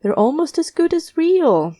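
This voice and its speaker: A woman's voice: extremely high pitch, very animated, measured pace, warm tone, voice pushed up, full character voice. A woman reading a story aloud and voicing a nasal, gleeful, fawning man in a roach mask. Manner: gleeful, fawning, lip-smacking. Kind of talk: audio drama reading.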